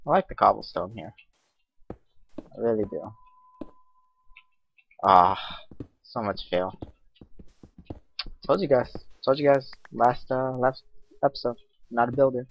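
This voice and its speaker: A man's voice: medium pitch, slow pace, vocal fry, long pauses. A man casually commenting on his own gameplay, rambling and mocking himself as he goes. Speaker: let's play host. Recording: dull lo-fi mic with faint hiss.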